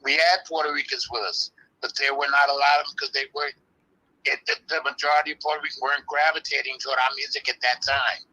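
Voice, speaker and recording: Firm, bright-voiced older New man. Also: mid-range voice, fairly even intonation, poor audio. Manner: firm, measured, explaining insistently. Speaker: interview guest, early hip-hop practitioner. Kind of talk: live online interview.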